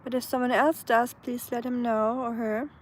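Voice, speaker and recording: Woman with a German accent, slightly high voice, live streamer chatting casually outdoors. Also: little pitch movement, moderate pace, slight background noise. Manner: chatty, answers viewers' comments, frequent fillers and restarts. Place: outdoors on a sunny day.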